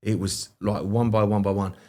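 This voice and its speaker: A British man with a lowish voice talks as a guest in a relaxed podcast chat. He rambles through anecdotes, circling back with fillers and restarts. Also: normal speed. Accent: British English. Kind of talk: casual conversational chat.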